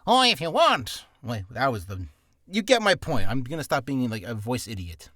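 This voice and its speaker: A man's voice: mid-range voice, sing-song, moderate pace, a bit bright, dry recording, studio quality. A man teaching voice acting in a casual tutorial, rambling with asides and poking fun at himself. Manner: rambling and self-deprecating, full of asides.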